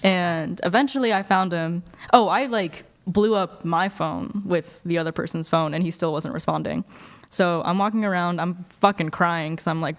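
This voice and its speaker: A woman's voice: on the low side, steady tone, a little fast. A young woman guest on a dating talk panel, telling a long personal story in a rambling, casual way with lots of fillers and swearing.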